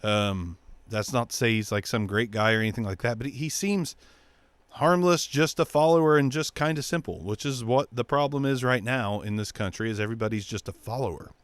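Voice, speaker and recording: A man hosting his own show, ranting bluntly about politics with heavy swearing and mocking, squeaky impressions of other people. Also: brisk, fairly bright tone, dry recording. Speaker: show host. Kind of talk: profane political rant.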